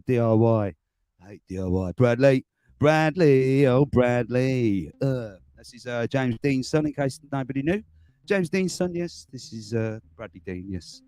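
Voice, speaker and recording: A man's voice: medium pitch, a little mellow, dry recording. Rambling man on a home livestream. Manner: rambling, chuckling, greets chat viewers by name. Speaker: livestream host. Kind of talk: casual live-stream chat. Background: faint background music.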